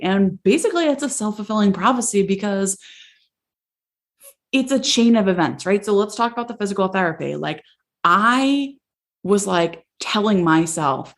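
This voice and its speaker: A woman's voice: on the high side, animated, normal speed. A young woman hosting a podcast, candidly telling a personal story in a casual, emotional way, with many "like"s. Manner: candid, emotional, says "like" often. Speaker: podcast host.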